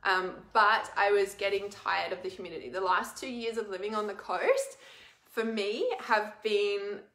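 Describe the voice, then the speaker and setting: A woman's voice: medium pitch, normal speed, a bit bright. A woman talking casually to her viewers in a rambling, emotional way, full of fillers. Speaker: spiritual vlogger. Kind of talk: casual confessional talk to camera. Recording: echoey room.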